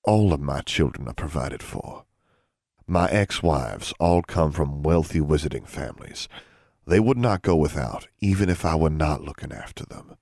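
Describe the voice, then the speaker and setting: A man voicing a soft-spoken, feared middle-aged wizard father who talks in a calm, measured, gentle way. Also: extremely low pitch, gravelly, no echo, clean studio sound, heavily acted.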